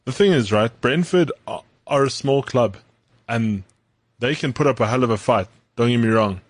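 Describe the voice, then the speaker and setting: A man co-hosting a podcast, speaking in a measured way while running through football news. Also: medium pitch, no echo. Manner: measured, reads out news items. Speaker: podcast co-host. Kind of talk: casual sports chat.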